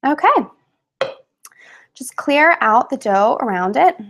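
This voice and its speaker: A cheerful woman talking through a home craft project on a webcam livestream. She keeps it casual and chatty, with easy fillers and a somewhat high voice. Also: sing-song, takes it slowly, a bit bright. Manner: chatty and upbeat, with laughs and fillers. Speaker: craft webinar host. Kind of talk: casual live craft demonstration.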